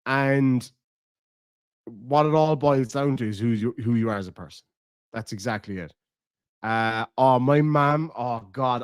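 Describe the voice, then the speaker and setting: An Irish man chats on a live stream, crude and joking, swearing freely at his viewers. His voice sits at a middling pitch. The sound is dry and close, with no room around it. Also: a little mellow, no room sound. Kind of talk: casual live-stream chat.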